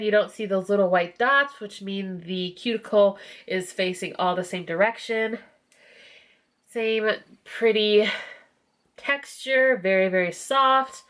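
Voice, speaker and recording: A woman talks through a casual product review in a vlog, her voice nasal and stuffed up as if from a cold. She chats loosely and fills pauses with ums and uhs, at a mid pitch. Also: fairly bright tone. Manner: chatty, with frequent fillers. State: nasal and congested. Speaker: beauty vlogger.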